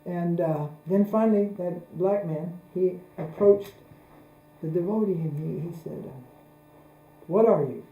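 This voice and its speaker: A man acting as a spiritual teacher gives a religious lecture in a measured, repetitive style full of anecdotes. His voice is high, and the audio sounds narrow and tinny, recorded in an echoey room with a mains hum.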